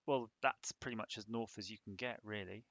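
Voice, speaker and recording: A man's voice: on the low side, brisk, fairly bright tone, lo-fi sound. A man on a casual live stream, rambling and joking while he thinks aloud about a hardware design.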